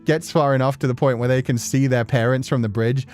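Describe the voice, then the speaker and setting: A man's voice: mid-range voice, steady tone, fairly quick, darkish tone, faint music behind. A young man chatting casually on a stream, telling stories with many fillers and laughs.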